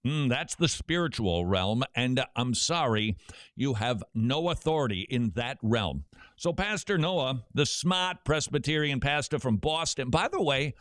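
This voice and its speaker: A middle-aged man hosting a talk radio show, telling stories with quick joking asides. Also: medium pitch, animated, a bit bright, no room sound, studio quality.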